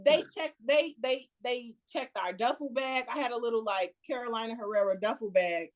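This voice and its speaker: A woman's voice: fairly high pitch, moderate pace. A woman with a Chicago accent, a podcast guest, telling a story casually, acting out quotes and laughing often. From United States.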